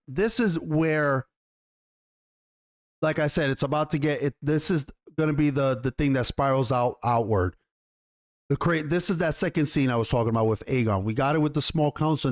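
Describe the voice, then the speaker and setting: Excited man rambling through a show review. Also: a little high. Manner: excited, rambling, casual swearing. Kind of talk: casual episode review.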